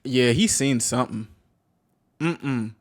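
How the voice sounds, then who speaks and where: A man's voice: medium pitch, slow, faint music behind. A man streaming his reaction to a video. He talks to his viewers in loose, rambling slang, with plenty of "like" and "bro" in between. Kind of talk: casual reaction commentary.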